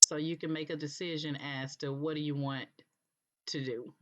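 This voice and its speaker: A woman presenting a screen-recorded software tutorial, explaining patiently step by step and checking in with "okay", with an occasional cough. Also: deep voice, fairly even intonation, moderate pace. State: coughing now and then. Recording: dull lo-fi recording.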